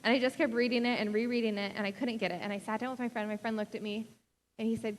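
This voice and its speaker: A woman's voice: on the high side, steady tone, fast, long reverb tail. A young adult woman pastor giving a sermon in a casual, chatty way, full of "like" and small laughs. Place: church sanctuary.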